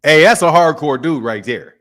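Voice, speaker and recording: A man hosting a boxing talk show, excitable and animated, laughing often. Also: fairly high pitch, moderate pace. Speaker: host. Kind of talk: casual chat.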